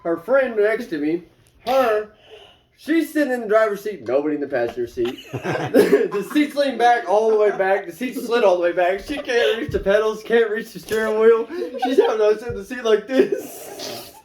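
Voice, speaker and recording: A man's voice: high-pitched, animated, normal speed, reverberant, a crowd in the background, low-quality recording. A young man, casually telling funny stories and laughing through them. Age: 20s. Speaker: storyteller. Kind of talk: casual storytelling.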